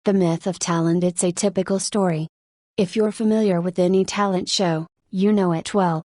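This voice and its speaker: A woman narrating a nonfiction audiobook in an even, measured reading. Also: fairly low pitch, dry recording.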